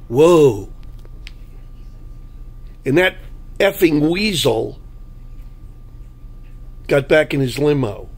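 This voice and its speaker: A man delivering a blunt, combative political monologue, full of anecdotes. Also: medium pitch. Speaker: political commentary host.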